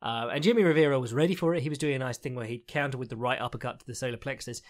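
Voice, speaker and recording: A man talking through a fight recap on his podcast, loose and rambling. He fills his thoughts with ums and uhs, swears now and then and laughs at his own remarks. His pitch sits in an ordinary middle range. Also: rapid-fire. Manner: rambling, frank, swears, frequent fillers and laughs. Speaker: podcast host, fight analyst. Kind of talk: casual solo commentary recap.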